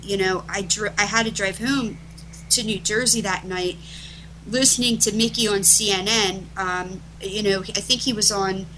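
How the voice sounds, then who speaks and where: Bright-voiced woman telling stories emphatically. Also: mid-range voice, slight background noise, rough recording. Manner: emphatic, rushes and restarts phrases. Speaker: interview guest, event organizer. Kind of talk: animated storytelling in conversation.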